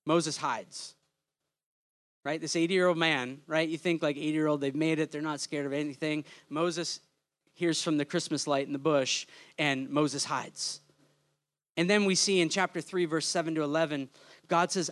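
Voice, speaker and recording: A man's voice: a little high, steady tone, measured pace, a bit bright. A man preaching a sermon in a conversational, humorous way, often checking in with the listeners by asking "right?".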